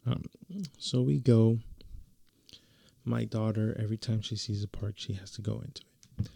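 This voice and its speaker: A man's voice: fairly low pitch, little pitch movement, normal speed, gravelly, warm tone. A young man telling a story in a casual, slangy way, full of fillers and restarts.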